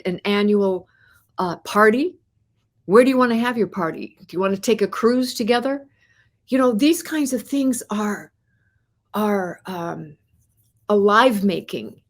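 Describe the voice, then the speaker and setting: An encouraging woman hosts a live money podcast in a medium-pitched voice. She speaks straight to her viewers and asks them question after question. She often repeats words and restarts her phrases as she goes. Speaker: host.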